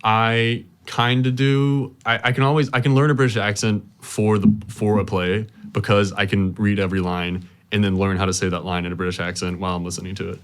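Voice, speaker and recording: A man's voice: on the low side, level tone, a little fast, few pauses, smooth. A teenage boy talking earnestly as a student guest, often repeating words as he restarts. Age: teens. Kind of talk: casual interview chat.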